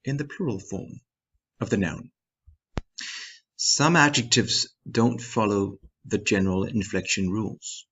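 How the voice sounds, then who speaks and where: A man teaching a language grammar lesson in a measured, scripted way, reading example sentences and their translations. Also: lowish voice, husky, dull audio. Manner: measured, reads example sentences in Danish then English.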